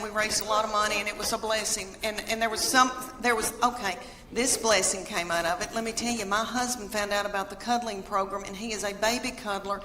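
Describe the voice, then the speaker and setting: A middle-aged woman performing stand-up comedy, telling chatty stories whose punchlines trail off quietly. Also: medium pitch. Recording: echoey hall, loud audience and noise.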